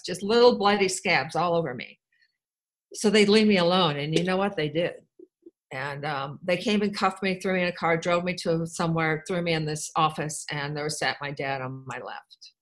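A woman's voice: fairly low pitch, fairly bright tone, rough recording. A woman from Wisconsin telling her own life story to a group, candid and rambling, with wry asides and frequent restarts. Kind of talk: personal storytelling talk.

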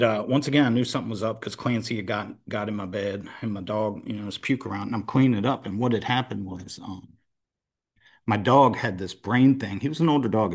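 Husky, deep-voiced man giving a rambling, emotional testimony. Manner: emotional, rambling, halting storytelling. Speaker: meeting member sharing a story. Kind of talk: personal testimony.

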